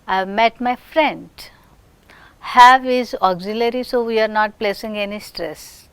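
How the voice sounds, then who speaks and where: A woman with an Indian English accent gives a recorded phonetics lecture in a slightly high, clean voice with no room sound. She speaks slowly and deliberately, repeating example sentences with stress.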